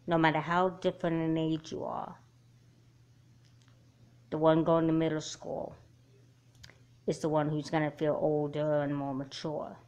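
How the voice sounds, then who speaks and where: A woman voicing a patient mother who gently comforts her daughter, in a homemade doll movie. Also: sits low, measured pace, long pauses, smooth. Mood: soothing. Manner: gentle, calming, calls her child honey. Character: patient, soothing mother of two girls.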